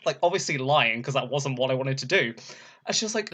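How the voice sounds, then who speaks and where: A young man, a burlesque performer, chatting casually as a podcast guest and telling a story, laughing often and acting out quotes in a higher voice. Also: animated, fast talker, pushed and bright, husky.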